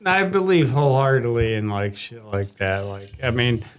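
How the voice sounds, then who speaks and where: A man's voice: medium pitch, normal speed, smooth. A man talking in a casual podcast chat, slangy and swearing freely.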